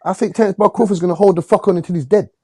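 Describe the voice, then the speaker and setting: A man's voice: sits high, racing, a little mellow, husky, dry recording, clean studio sound. A man in a casual boxing debate, insistent, repeating himself and laughing often. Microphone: phone call.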